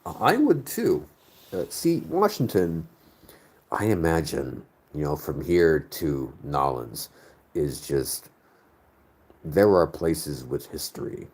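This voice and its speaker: This man hosts a casual live chat and reads viewer comments, rambling as he gropes aloud for words; he comes from the northern United States. His very deep voice has a darkish tone and a breathy edge, delivered slowly in a sing-song manner.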